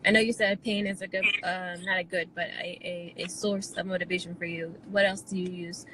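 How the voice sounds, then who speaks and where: A woman hosting an interview show, asking questions in a measured, supportive way with frequent ums. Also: on the low side, level tone, sharp tone, rough recording. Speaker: show host. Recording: faint background noise.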